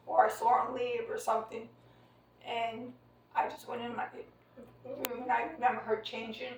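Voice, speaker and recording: Older woman storyteller, rambling and hesitant, fairly high voice, recorded from away from the mic in an echoey room. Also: far from the mic, a little hiss or hum. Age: 60s. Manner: rambling, hesitant, with many fillers and restarts. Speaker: storyteller recounting family memory. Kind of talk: casual family conversation.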